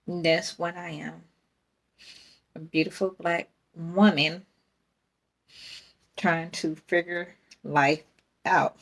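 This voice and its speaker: A woman's voice: lowish voice, flat delivery, slow, gravelly, pauses often. A young adult woman, hosting a casual faith podcast in a rambling, candid way and laughing often. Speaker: podcast host.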